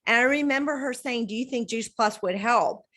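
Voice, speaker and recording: A woman, hosting a casual video-call chat from home and telling stories with lively, acted-out quotes. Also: moderate pace. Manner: animated storyteller, acts out quotes with big pitch jumps. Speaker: host.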